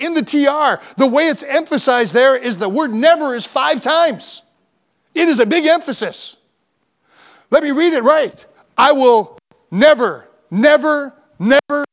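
High-voiced fervent preacher man. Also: fairly bright tone. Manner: fervent preaching, repetitive emphatic lists. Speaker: pastor. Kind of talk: sermon. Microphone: church microphone, broadcast on radio.

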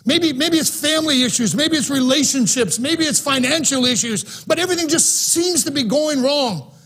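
A man preaching a sermon in an auditorium, fervent and emphatic, swinging between soft and loud passages. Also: very high-pitched, lively intonation, normal speed. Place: auditorium, live-streamed.

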